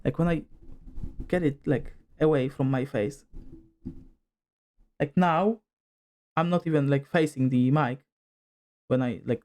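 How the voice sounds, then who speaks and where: This streamer's voice sits on the high side, a little mellow, with fairly even intonation and a measured pace broken by frequent pauses. He's testing his desk mic while chatting casually, rambling through lots of fillers as he moves nearer to and farther from it.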